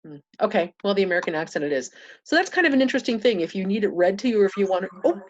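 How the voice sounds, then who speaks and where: A woman's voice: mid-range voice, expressive, racing, highs cut off. A woman talking through a casual screen-share tutorial, thinking aloud with many fillers and restarts.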